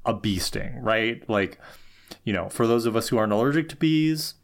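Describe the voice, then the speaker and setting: A man's voice: on the low side, expressive, moderate pace. A man co-hosting a casual chat, asking questions and breaking things down analytically, with a lot of "like". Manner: inquisitive, analytical, says "like" often. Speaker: podcast co-host.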